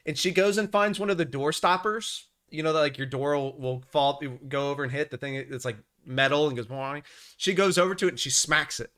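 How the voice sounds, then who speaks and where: Chatty, bright-voiced male streamer. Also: fairly high pitch, brisk, hardly any pauses. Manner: chatty, rambling storyteller with many restarts. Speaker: livestream host. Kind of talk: casual livestream market commentary.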